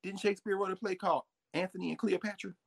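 A man, a professor, talking in an energetic storytelling way and acting out little asides and voices. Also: sits high, fast talker, vocal fry. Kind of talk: animated lecture-style talk.

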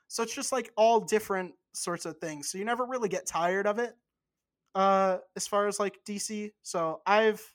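A podcast co-host talking in a loose, rambling way and cursing casually. The voice sits at a middling pitch. It is relaxed, unscripted chat.

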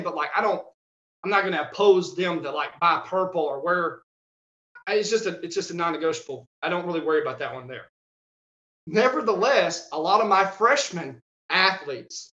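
A man who coaches strength at a high school, telling stories in a casual podcast chat, animated and acting out quotes with laughs. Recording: roomy, slightly dull audio.

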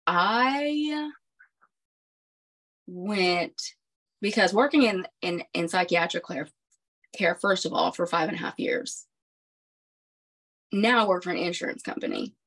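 Animated woman telling a personal story. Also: fairly low pitch, slow pace, pauses often. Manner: animated, emphatic retelling with many restarts. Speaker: podcast guest.

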